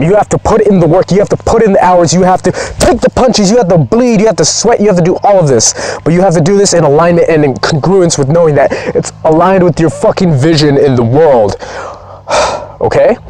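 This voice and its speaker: A man's voice: a little high, darkish tone. A man speaking as a performance coach, giving a blunt, profane, pumped-up motivational training talk.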